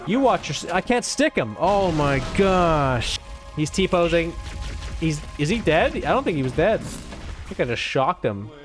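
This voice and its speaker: A man hosting a let's play, giving rambling, casual gameplay commentary full of swearing and excitable outbursts. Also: fairly high pitch, measured pace. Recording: game music in background.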